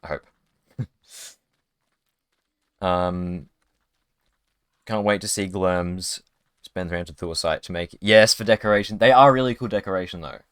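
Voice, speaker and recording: A man's voice: low voice, measured pace, pauses often, fairly bright tone, clean tone, no room sound, studio quality. A man streaming a video game live, chatting casually in a rambling way with many restarts. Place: home streaming setup.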